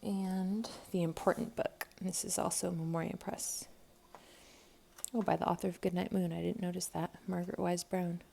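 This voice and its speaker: A woman's voice: fairly low pitch, level tone, normal speed, vocal fry, mellow, slight background noise. A woman in her thirties, a homeschool vlogger, chatting casually at home as she thinks aloud with frequent ums. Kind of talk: casual unboxing narration. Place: home, by a table with a tripod camera. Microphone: camera mic on a tripod.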